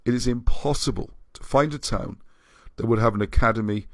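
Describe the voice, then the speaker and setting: A man's voice: medium pitch, fairly quick, no room sound. Man rambling through a livestream, dry sound. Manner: rambling, restarts often, chuckles at his own points. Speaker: livestream host. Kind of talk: livestream talk, reading viewer comments.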